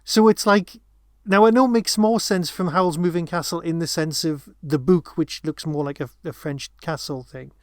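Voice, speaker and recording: Guy rambling about a movie, kinda high voice, dry close mic. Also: fairly even intonation, normal speed, few pauses, no echo. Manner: rambling, many restarts and asides. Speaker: podcast co-host. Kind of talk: casual film discussion.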